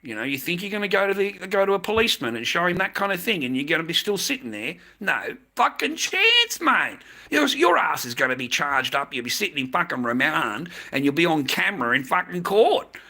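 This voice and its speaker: A man's voice: fairly high pitch, big pitch swings, fast talker, hardly any pauses, sharp tone. An Australian man on a livestream, ranting heatedly, swearing constantly and repeating himself. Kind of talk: angry livestream rant.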